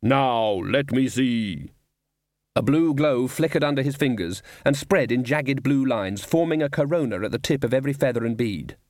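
A man narrating an audiobook in a measured, even reading with dry humour. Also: medium pitch, no room sound.

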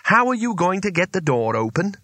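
A man's voice: sits high, very animated, fairly quick, pushed and bright, no room sound, pitched above the performer's own voice, full character voice. A man voicing a blunt, practical young woman. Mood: impatient. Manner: blunt and impatient.

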